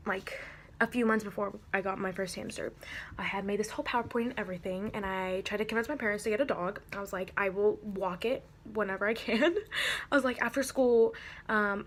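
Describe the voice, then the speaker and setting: A woman's voice: medium pitch, fairly bright tone, slight background noise. A teenage girl telling a storytime vlog in a chatty, giggly way, full of fillers. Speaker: vlogger.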